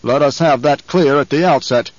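A slow, sneering old baron who looms over everyone he speaks to, as a man reads him for an audiobook. His drawl is measured and domineering, slightly raised, on a dry, faintly muffled recording. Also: on the high side, no room sound, lightly acted. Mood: contemptuous. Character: scheming obese old baron, menacing and contemptuous.

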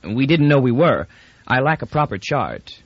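A man doing a gruff, guarded young man. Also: medium pitch, sing-song, normal speed, no echo, muffled recording, voice pushed up. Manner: gruff, terse answers.

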